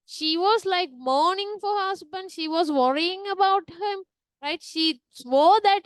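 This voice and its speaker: A woman's voice: very high-pitched, unhurried, no echo, studio quality. A woman teaching an online literature class, chatty and often asking "right?". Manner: chatty, tags sentences with "right?".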